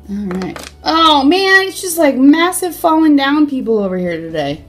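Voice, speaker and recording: A woman's voice: high-pitched, very animated, normal speed, darkish tone, soft background music. A woman hosting a toy unboxing, chatting casually in a playful way and tossing in silly sound effects.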